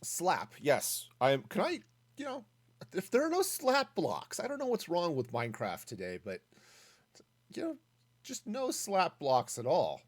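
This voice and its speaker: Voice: medium pitch, huge pitch swings, a little slow. A streamer casually thinking aloud while building in a game, reading and answering chat as they go. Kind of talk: casual gaming stream commentary.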